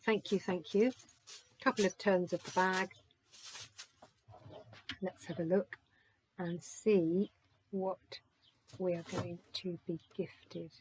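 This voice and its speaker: A woman's voice: lowish voice, steady tone, takes it slowly, long pauses, darkish tone, a little hiss or hum. A woman doing a spiritual charm reading, gushing and thankful as she thinks aloud. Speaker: oracle reader.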